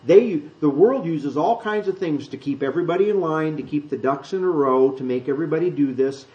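A pastor teaching a Bible sermon in a loose, conversational way, correcting himself and joking with the congregation. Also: male voice, fairly high pitch, fairly quick, muffled recording. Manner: conversational, self-correcting, jokes with the room.

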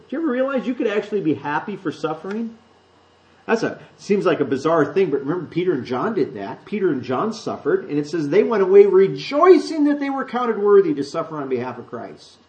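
A pastor teaching a Bible sermon in a loose, conversational way, correcting himself and joking with the congregation. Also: male voice, sits high, sing-song, brisk, a little mellow, low-quality recording. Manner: conversational, self-correcting, jokes with the room.

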